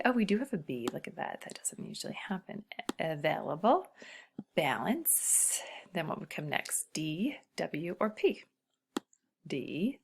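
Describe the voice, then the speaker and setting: A woman teaching a recorded reading lesson, patiently sounding out syllables for children and muttering quietly while she works. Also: on the low side, gravelly. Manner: patient, talking to students, sounding out syllables slowly; often drops to a quiet murmur while working the screen.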